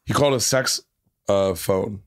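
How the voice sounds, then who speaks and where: A man from Florida hosting a podcast in casual chat, excitable, repeating his words and swearing freely. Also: fairly low pitch, unhurried, creaky, no room sound, studio quality. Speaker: podcast host.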